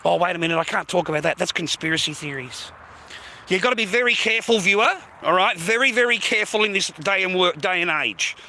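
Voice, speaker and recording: Bright-voiced rambling Australian man. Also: sits high, lively intonation, fast talker, a little hiss or hum. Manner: chatty, rambling, peppers speech with "mate" and "bro", swears. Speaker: live streamer. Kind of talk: rambling walk-and-talk live stream. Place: outdoors, walking along streets. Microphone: phone held while walking.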